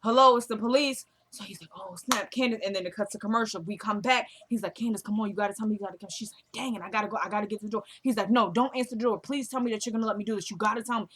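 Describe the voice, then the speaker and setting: A woman's voice: medium pitch, steady tone, racing, few pauses, a little hiss or hum. Chatty woman acting out a TV recap. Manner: retells scenes by acting out the characters' lines. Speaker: TV recap vlogger. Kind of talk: casual episode recap.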